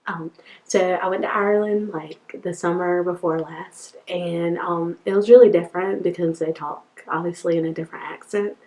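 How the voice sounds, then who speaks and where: A woman's voice: fairly low pitch, steady tone, moderate pace, mellow, poor audio. A young woman with a country North Carolina accent talking casually with hesitant fillers.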